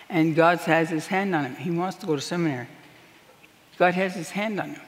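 A woman's voice: fairly low pitch, brisk. Earnest woman minister, emphatic sermon testimony, long hall reverb. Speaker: prison minister.

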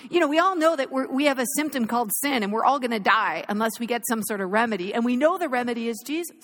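A woman in her thirties preaching an animated sermon in a chapel, telling a story with laughter. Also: fairly high pitch, fast talker.

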